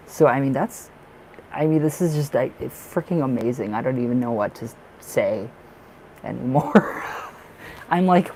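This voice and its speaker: Excitable, gushing male tarot reader. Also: mid-range voice, measured pace, vocal fry, slight background noise, low-quality recording. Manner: excitable and gushing, laughs often; chatty, with many fillers and restarts. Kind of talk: live-streamed tarot reading.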